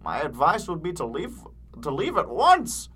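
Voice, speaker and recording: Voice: medium pitch, huge pitch swings, normal speed, a bit bright, breathy edge, exaggerated voice. A reader voicing a polite, stern castle guard who gives grave warnings. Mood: formal.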